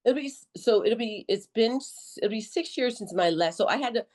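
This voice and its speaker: A middle-aged woman as a podcast guest, telling her story in a lively, joking, colloquial way and acting out her own quotes. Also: a little high, fairly quick. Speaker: podcast guest, army veteran nurse. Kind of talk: conversational interview storytelling.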